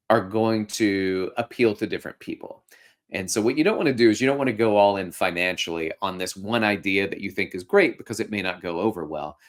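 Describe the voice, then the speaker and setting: Guy hosting a fitness podcast, low voice, chatty and jokey, middle-aged. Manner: upbeat, coaching, jokey. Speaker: podcast host and fitness instructor. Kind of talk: casual podcast monologue.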